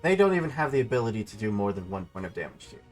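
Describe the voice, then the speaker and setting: A man running a tabletop game as game master, calling out card flips and describing combat damage in a relaxed way. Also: on the low side, racing, faint music behind.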